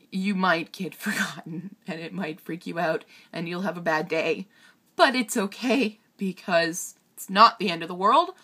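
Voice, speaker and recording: Tearful young woman, bright voice. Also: fairly low pitch. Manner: halting and emotional, with nervous laughs and sighs. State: tearful, on the verge of crying. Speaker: vlogger. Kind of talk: personal vlog confession.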